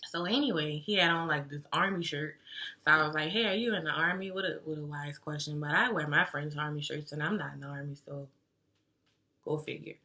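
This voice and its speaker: Speaking briskly in a low, steady voice with a sharp tone, a young vlogger chats with her audience as she tells a story. She's slangy and casual, leaning heavily on fillers such as "like."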